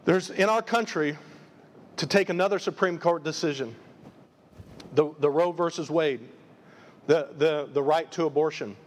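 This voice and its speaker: A man's voice: on the high side, normal speed, pauses often. A man preaching a live sermon as pastor, emphatic and full of repeated rhetorical questions. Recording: long reverb of a large hall.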